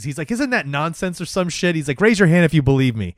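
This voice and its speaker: A man's voice: on the high side, animated, brisk, no room sound, clean studio sound. A man in his thirties co-hosting a casual podcast, laid-back, laughing often and retelling scenes with voiced quotes. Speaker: podcast co-host. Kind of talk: casual chat recapping a sitcom.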